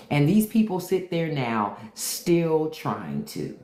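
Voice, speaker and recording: A woman's voice: low voice, big pitch swings, slow, few pauses, warm tone. Brief: woman host on a livestream, blunt and taunting, AAVE speech, roomy echo on the mic. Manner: blunt, taunting, repeats her question to commenters. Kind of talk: unfiltered livestream commentary.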